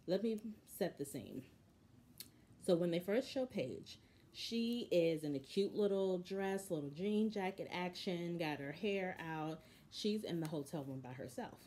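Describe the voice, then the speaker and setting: Low, mellow-voiced woman dishing opinions. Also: slight background noise. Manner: animated, opinionated storytelling. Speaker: podcast host recapping a reality show. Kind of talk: casual recap commentary.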